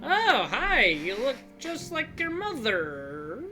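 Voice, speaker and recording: A man's voice: extremely high pitch, wildly swooping pitch, slow pace, over music, pitched above the performer's own voice, exaggerated voice. A man voicing a stern middle-aged mother who sounds sweet on the surface with a warning underneath, read aloud from a game's text. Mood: sweetly stern.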